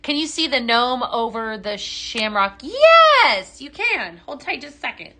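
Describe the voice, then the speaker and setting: A woman hosting a live product demo, talking chatty and upbeat and ending lines with quick "okay?" and "right?" checks. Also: on the high side, bright, forceful tone. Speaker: live shopping host.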